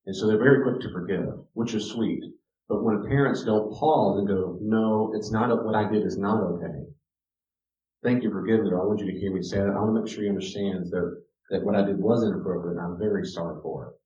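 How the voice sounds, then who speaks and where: A man, a counselor, giving an informal teaching talk with personal stories. He is animated and restarts often, dropping to quiet asides and rising to loud emphasis. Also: fairly low pitch. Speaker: counselor teaching a parenting class. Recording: echoey room, distant mic, dull sound.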